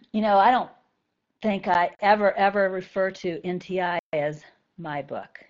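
A woman teaches a group in a relaxed, conversational way. She keeps checking in with her listeners and gets animated when she makes her points. The recording sounds a little dull and lo-fi. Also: medium pitch, unhurried. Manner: conversational, often asks "right?". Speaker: spiritual teacher. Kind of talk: talk to a group of students.

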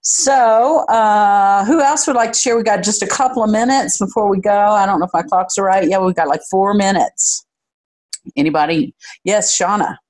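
A woman's voice: mid-range voice, normal speed, a little mellow. A woman leading an informal group discussion, encouraging others to share and wrapping up the session.

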